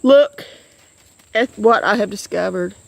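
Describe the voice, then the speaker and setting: A woman vlogging on a walk in the woods, cooing at her kitten and getting excited about what she finds. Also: mid-range voice, measured pace, creaky, dry recording. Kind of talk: casual nature vlog. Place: outdoors in the woods.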